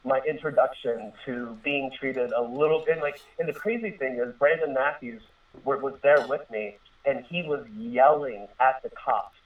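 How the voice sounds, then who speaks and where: A man's voice: mid-range voice, moderate pace. A man in his thirties rambles earnestly through a personal story, full of fillers and restarts. His voice comes through a thin, phone-like line and sounds set back from the microphone. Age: 30s. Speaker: guest telling a personal story. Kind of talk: casual spoken storytelling. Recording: tinny distant phone-line radio sound.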